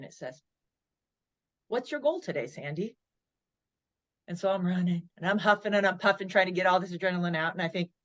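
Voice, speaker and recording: A woman in her forties, a motivational speaker appearing as a podcast guest, tells a story during an interview in a lowish voice, lively and acting out her own inner dialogue. The audio sounds dull.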